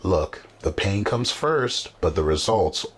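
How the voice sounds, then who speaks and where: A man's voice: low-pitched, big pitch swings, slow pace, husky. A man hosting a casual podcast chat, talking in a motivational, emphatic way. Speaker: podcast host. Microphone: camera setup on a desk.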